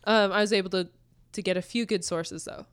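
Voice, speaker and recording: Telling stories on a podcast she co-hosts, a young adult woman laughs a lot and keeps things casual and animated. She talks a little fast, in a clean, mid-range voice.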